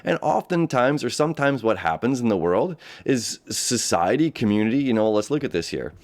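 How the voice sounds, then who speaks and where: A man's voice: mid-range voice, very animated, moderate pace, a little mellow. A man, hosting a casual astrology talk, rambling and repeating himself, and often laughing. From United States. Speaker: astrology host. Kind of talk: casual spoken horoscope talk. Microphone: camera setup.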